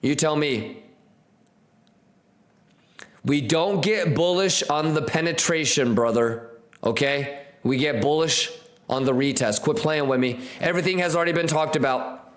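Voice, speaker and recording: A man's voice: on the high side, unhurried, long pauses. A man hosting a live trading stream, hyped and slangy, repeating catchphrases and talking straight to his viewers.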